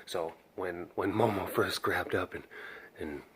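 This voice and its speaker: Low-voiced man rambling casually. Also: unhurried, fairly bright tone, a little hiss or hum. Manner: rambling, many restarts and fillers. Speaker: animal sanctuary caretaker. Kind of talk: casual vlog talk.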